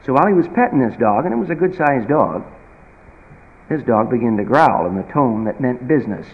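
A man preaching a sermon in an emphatic, folksy manner, swinging from loud bursts to quiet asides. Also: medium pitch, animated, brisk, phone-quality sound. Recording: reverberant hall.

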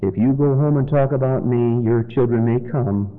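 A man preaching a sermon in church, swinging from loud, high exhortation to low, quiet warning. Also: moderate pace. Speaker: pastor. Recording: dull lo-fi sermon recording with faint noise.

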